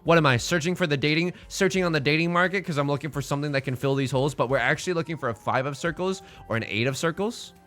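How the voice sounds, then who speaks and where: A man streaming a game live, commenting casually with jokes and rambling asides. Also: mid-range voice. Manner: joking, animated, rambling asides.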